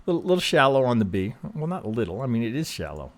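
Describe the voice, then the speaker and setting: A man walks through market charts in an easy, conversational way. He sounds calm and reassuring, stumbling over and restarting his words, and keeps tagging his points with "right?". His voice sits at an ordinary middle pitch for a man. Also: fast talker. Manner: conversational, frequent restarts, ends thoughts with "right?". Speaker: trading analyst host. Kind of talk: casual chart analysis commentary.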